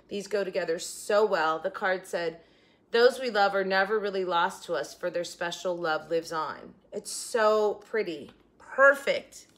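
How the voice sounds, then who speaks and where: An older woman talking through a crafting tutorial in a middle-pitched voice. She is chatty and tender, holding back tears as she goes. Her voice often drops into quiet, trailing asides. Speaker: craft vlogger.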